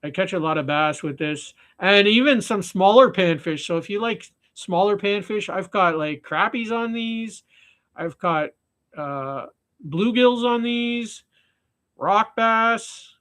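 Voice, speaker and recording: High-voiced man chatting while fly tying. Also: animated, takes it slowly, a bit bright. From Canada. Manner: rambling, with frequent restarts and fillers. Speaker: fly-tying live stream host. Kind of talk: casual live stream chat while tying flies.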